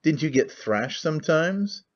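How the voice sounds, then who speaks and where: A man's voice: fairly high pitch, expressive, a little slow. A man voicing a brooding young man who asks terse, accusing questions, on a muffled lo-fi recording.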